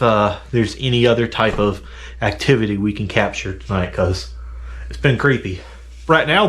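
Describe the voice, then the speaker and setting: A man vlogging outdoors at night, explaining plainly how to start a fire. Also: medium pitch. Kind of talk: vlog narration.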